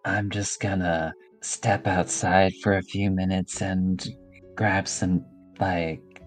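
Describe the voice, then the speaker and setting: A man with a lowish voice taking his turn in a tabletop game. He talks slowly and hesitantly, leaning on fillers, while music plays faintly behind him. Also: level tone. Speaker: player.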